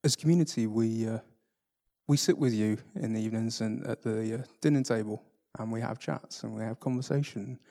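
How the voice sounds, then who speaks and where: Relaxed man reading aloud. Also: lowish voice, creaky. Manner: relaxed, halting asides with fillers. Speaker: community speaker reading aloud. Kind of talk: reading a story with comments.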